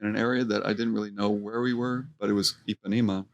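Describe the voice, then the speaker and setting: A middle-aged man telling stories from his restaurant career in a casual interview, animated and quoting people as he goes. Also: fairly low pitch, fast talker, muffled recording. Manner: animated anecdote-telling, acts out quotes. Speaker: restaurant co-owner, guest.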